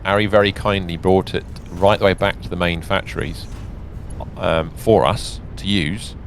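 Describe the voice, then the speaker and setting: A man's voice: deep voice, steady tone, moderate pace, slight background noise. A man hosting a game livestream, chatting casually and thinking aloud while he builds. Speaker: streamer host. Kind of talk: casual gaming chat.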